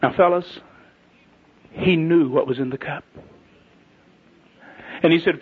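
A middle-aged man preaching a sermon in a folksy, emphatic way, swinging between loud and hushed delivery. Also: high-pitched, animated, moderate pace, long pauses, husky. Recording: tinny lo-fi phone-like audio.

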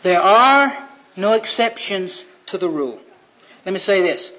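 Folksy high-voiced man preaching. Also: lively intonation, unhurried, pushed and bright. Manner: folksy, joking, acts out voices in retold stories. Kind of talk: sermon with storytelling. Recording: dull lo-fi sound.

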